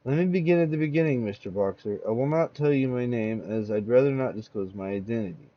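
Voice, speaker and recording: A man voicing a shaky, secretive man confessing in the dark. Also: medium pitch, fast talker, no echo, dull audio, natural voice. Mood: tense confession. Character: nervous, secretive man with a split personality.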